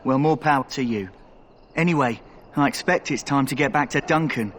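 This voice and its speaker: A man's voice: mid-range voice, moderate pace, a bit bright, slight background noise, lightly acted. Daveth, a man playing a cocky young thief. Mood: sly. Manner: cocky, sly, chatty. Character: roguish young male thief recruit. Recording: game audio with clear music behind.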